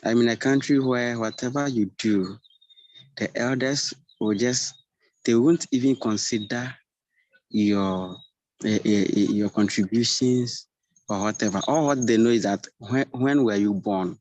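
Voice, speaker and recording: A man's voice: medium pitch, a little slow, darkish tone, no echo, poor audio. A young man from Ghana, a church youth leader earnestly sharing his thoughts in class and sometimes searching for words.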